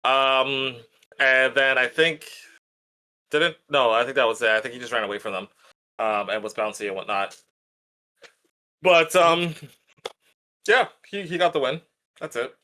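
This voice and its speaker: A man's voice: mid-range voice, a little slow, pauses often, pushed and bright. A man co-hosting a podcast, chatting casually and rambling with lots of fillers. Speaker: podcast co-host. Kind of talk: casual chat.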